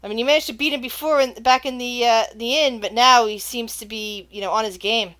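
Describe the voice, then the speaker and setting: Woman game master, high and bright, excitable, stumbles through her narration, laughs a lot. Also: fairly quick. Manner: excitable, laughs often, trips over words.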